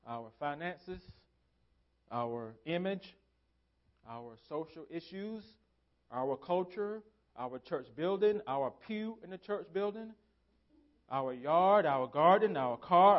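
A man's voice: on the high side, dull audio. Man preaching with emphatic repetition. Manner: emphatic preaching with repeated phrases. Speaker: pastor. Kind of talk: sermon. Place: church sanctuary.

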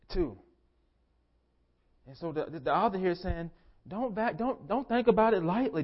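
A man preaching a sermon as pastor, emphatic, repeating his phrases and swinging between soft and loud delivery. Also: on the high side, dull audio.

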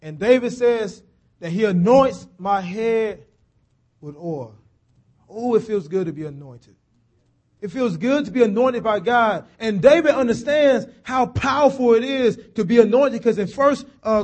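A man preaching a sermon in a folksy, chatty way, slowing down and dropping low on key phrases and rising on emphasis. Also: a little mellow.

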